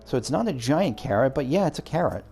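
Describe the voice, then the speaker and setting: Casual let's-play guy, mellow voice, loose rambling commentary. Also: medium pitch, big pitch swings, fast, breathy edge, soft background music. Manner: rambling, self-correcting asides.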